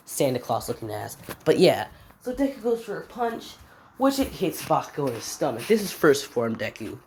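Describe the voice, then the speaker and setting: In a low voice, a woman narrates a fan story as an offhand, slangy ramble, her pitch climbing and dropping a lot as if she's inventing it on the spot. A little hiss or hum sits underneath.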